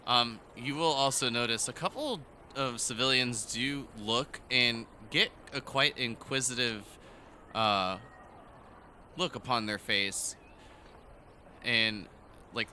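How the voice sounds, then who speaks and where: A man's voice: medium pitch, sharp tone, a little hiss or hum. A man narrating a tabletop game as game master, in loose, rambling descriptions full of fillers.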